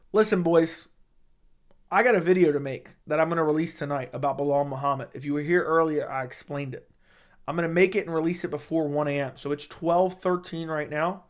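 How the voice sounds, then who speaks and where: A young man hosting a casual livestream, reading viewer comments in a laid-back, low-key way and swearing casually. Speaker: livestream host reading chat.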